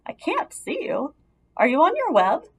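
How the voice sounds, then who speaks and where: A woman's voice: high-pitched, huge pitch swings, measured pace, fairly bright tone, voice pushed up, exaggerated voice. A woman voicing a young, innocent male pig who talks in a pleading, childlike way in a storybook reading.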